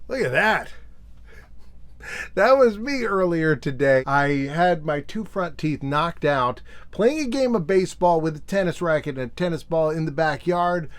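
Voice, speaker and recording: A man's voice: on the high side, lively intonation, moderate pace, few pauses. A man hosting a nostalgia video in a casual, joking tone, reading old magazine pages aloud and slipping into silly voices. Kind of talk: casual comedic commentary.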